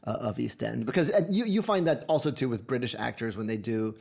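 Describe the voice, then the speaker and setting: A man, a guest at a brunch in a home kitchen, telling stories in an animated way. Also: medium pitch, a little fast, vocal fry. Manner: animated storyteller. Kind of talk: casual chat over brunch. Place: house kitchen.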